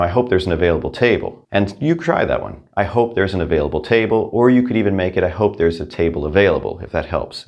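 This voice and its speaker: A man's voice: deep voice, darkish tone. A man teaching a language lesson, upbeat, saying each practice sentence twice. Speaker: Spanish teacher.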